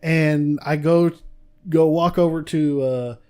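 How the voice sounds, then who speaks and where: A young man, a podcast co-host, telling a story in casual chat, animated and laughing, swearing freely. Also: on the high side, slow pace, clean tone.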